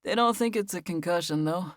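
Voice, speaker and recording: A woman's voice: fairly low pitch, a little fast, dry recording, clean studio sound, natural voice. A woman narrator voicing a jealous, clingy young man who speaks in an insistent, warning tone. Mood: weary. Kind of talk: audiobook character voice.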